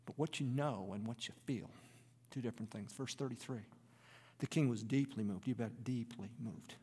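A man preaching a sermon, reading scripture and explaining it, swinging between raised, emphatic lines and hushed, near-whispered asides. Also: mid-range voice, moderate pace, slightly rough, big-room sound. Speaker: pastor.

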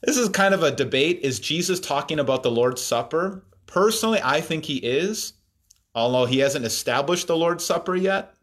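A man's voice: fairly high pitch, expressive, normal speed, a bit bright. A man preaching a sermon, reading scripture aloud and explaining it in a thoughtful way, with frequent fillers and restarts.

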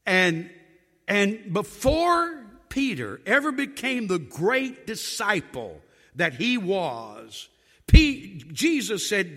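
A man preaches a sermon in a high, bright voice, acting out the dialogue as he tells the stories. His pitch swings widely as he goes. The sound rings with the long reverb of a large hall. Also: slow. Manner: animated storytelling, acting out biblical dialogue.

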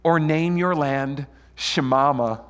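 A middle-aged man preaching a sermon as pastor, animated and playful, often questioning and joking with his congregation. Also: a little high, takes it slowly, clear, resonant tone, big-room sound. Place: church sanctuary.

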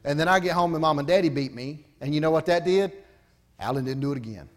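Folksy preacher man, fairly high voice. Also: fast talker. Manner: folksy, conversational preaching with asides to the congregation. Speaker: pastor. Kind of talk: sermon.

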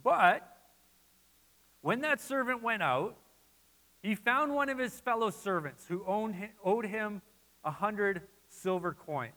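A man preaching a sermon as pastor, animated and repeating his phrases as he voices listeners' doubts. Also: sits high, takes it slowly, pauses often, big-room sound, low-quality recording.

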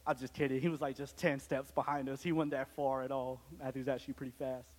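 A man's voice: mid-range voice, flat delivery, fast. Young man testifying in echoing church. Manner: casual, joking, many restarts. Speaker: church speaker giving testimony. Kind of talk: testimony to a congregation. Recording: long hall reverb.

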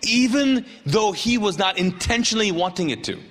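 A man preaching a sermon in an animated way, acting out the people in his story with jokey asides. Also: sits high, normal speed. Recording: long hall reverb.

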